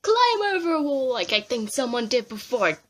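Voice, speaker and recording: A woman's voice: fairly high pitch, moderate pace. Ranting young woman. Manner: exasperated, swears freely, animated outbursts. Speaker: vlogger. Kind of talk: ranting commentary.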